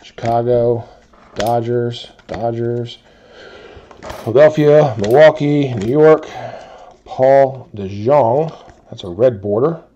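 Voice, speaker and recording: A man's voice: mid-range voice, muffled recording, slight background noise. A man hosting a card break, steadily reading out team names and players one after another. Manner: steady rapid-fire listing of teams and players. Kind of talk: calling out cards in a box break.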